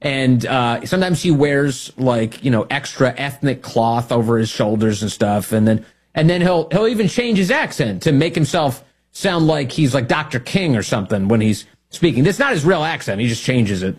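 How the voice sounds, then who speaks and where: A man's voice: medium pitch, expressive, moderate pace. A man hosting a talk radio show, delivering sarcastic political commentary and laughing at his own jokes. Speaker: radio host.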